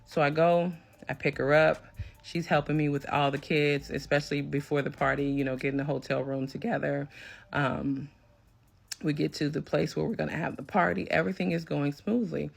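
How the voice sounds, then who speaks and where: A woman telling a personal story in an emphatic, animated storytime manner. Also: low voice, normal speed, creaky, husky. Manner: emphatic, animated when retelling a confrontation. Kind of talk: storytime recounting a personal drama.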